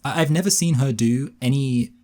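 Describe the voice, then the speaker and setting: A man's voice: medium pitch, darkish tone. A young man co-hosting a film review show, rambling casually with plenty of fillers. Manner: rambling, quick and offhand, with many fillers. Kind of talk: casual chat.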